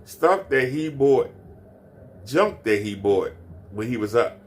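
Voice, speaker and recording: Guy ranting on his stream, mocking, keeps repeating himself, aave, mid-pitched voice. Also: expressive, slow, a little hiss or hum. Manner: repetitive, mocking. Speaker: commentary streamer. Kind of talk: ranting commentary.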